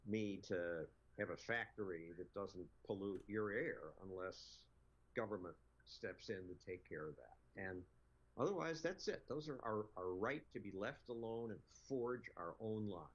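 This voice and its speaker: A man laying out his views in a measured, explanatory way during a debate. His voice is a bit husky, and the clip sounds dull and lo-fi. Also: lowish voice. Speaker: libertarian debate guest. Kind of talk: debate argument.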